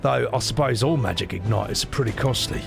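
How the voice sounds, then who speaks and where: A man's voice: medium pitch, brisk, vocal fry, voice pushed down. Brief: a man playing a grumbling, indignant customer with a put-on accent, over game music. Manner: indignant, complaining.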